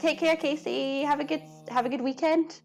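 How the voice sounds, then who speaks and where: A chatty woman cooks on a live stream and talks easily to her viewers. Her voice sits a little high, she giggles often, and faint music plays in the background. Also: steady tone, moderate pace. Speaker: cooking streamer. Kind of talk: casual live-stream chat while cooking.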